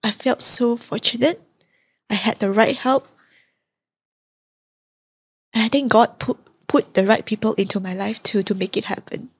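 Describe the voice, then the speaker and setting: A young woman guest on a podcast, telling her story in a candid, reflective, soft-spoken way. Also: fairly high pitch, fairly even intonation, unhurried, pauses often, slightly rough. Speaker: guest, advocate. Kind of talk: interview storytelling.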